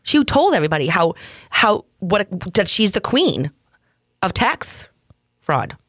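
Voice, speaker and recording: A woman with a Massachusetts accent co-hosting a podcast, telling crime stories in playful, animated casual banter. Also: medium pitch, measured pace, no room sound, studio quality. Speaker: podcast co-host.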